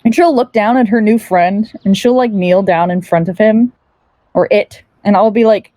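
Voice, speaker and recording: A woman's voice: mid-range voice, moderate pace, mellow, no room sound. Chatty woman playing a tabletop game. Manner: chatty, laughs often. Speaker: player. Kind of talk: casual tabletop role-play.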